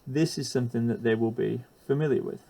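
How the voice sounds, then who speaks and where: A man's voice: medium pitch, fairly quick, gravelly, mellow. A man explaining a chemistry lesson for teachers while drawing, hesitant with frequent ums and uhs and the odd self-deprecating aside.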